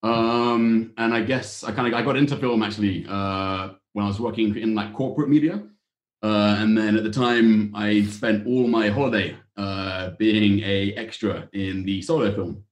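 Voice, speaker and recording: Relaxed male caller with roomy sound. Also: on the low side, moderate pace. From England. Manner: relaxed, laughs easily, repeats words. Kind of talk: casual chat. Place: home in London, video call. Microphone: headphones on video call.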